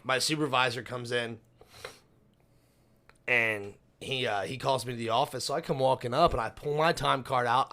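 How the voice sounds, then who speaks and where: A man's voice: medium pitch, sharp tone, slight background noise. A young man co-hosting a podcast, telling a long workplace story in casual chat, swearing constantly. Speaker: podcast co-host.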